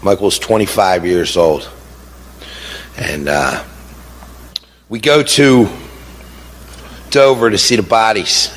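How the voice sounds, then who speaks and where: A man's voice: fairly low pitch, slow, long pauses, a little hiss or hum. A middle-aged man telling his own story as a bereaved father, indignant and impassioned, repeating himself for emphasis and firing off rhetorical questions. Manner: frequent "you know" and rhetorical questions. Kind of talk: emotional personal account. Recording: long hall reverb.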